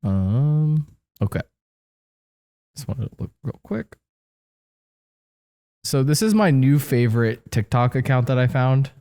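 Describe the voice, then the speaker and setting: A man's voice: mid-range voice, animated, takes it slowly, pauses often, mellow. A man chatting casually on a podcast, laid-back and joking, swearing freely.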